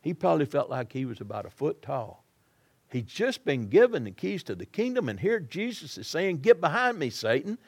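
Folksy preacher man, gravelly and animated. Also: fairly high pitch, moderate pace. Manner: folksy, dramatic, acting out quoted voices. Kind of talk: sermon.

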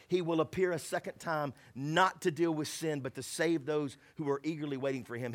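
A man preaching a sermon, reading scripture and quotes, mixing jokes and asides with hushed and emphatic stretches. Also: fairly high pitch. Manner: conversational preaching with asides and laughs. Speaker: pastor.

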